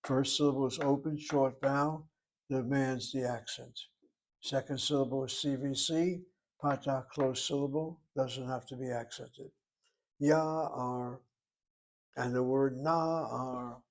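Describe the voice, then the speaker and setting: A man's voice: mid-range voice, steady tone, normal speed. Man lecturing on Hebrew grammar. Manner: explanatory, spells out grammar step by step. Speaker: Hebrew teacher. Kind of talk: classroom lecture.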